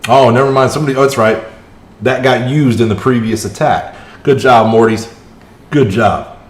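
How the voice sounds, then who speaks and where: A man's voice: mid-range voice, moderate pace. Man streaming gameplay in an echoey room. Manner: chatty, reacts aloud to the match, chats with viewers. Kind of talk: live gameplay commentary. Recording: roomy echo.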